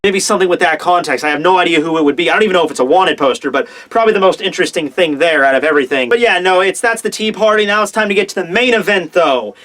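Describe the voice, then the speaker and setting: A young man casually reviewing a comic chapter, excitable and profane, acting out the characters' lines. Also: sits high, racing, hardly any pauses. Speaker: manga reviewer.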